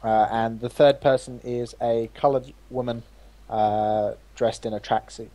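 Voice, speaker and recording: A man narrating as game master of a tabletop role-playing game, halting and restarting as he describes the scene. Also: medium pitch, steady tone, dark tone. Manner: halting, with many fillers and restarts.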